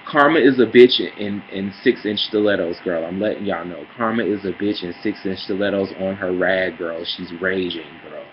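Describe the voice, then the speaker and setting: A man's voice: sits low, moderate pace, hardly any pauses, slight background noise. Sassy heated man on a lo-fi mic. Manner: sassy, calls listeners girl and honey; heated, swings between muttering and loud outbursts. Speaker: vlogger. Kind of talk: casual opinion rant.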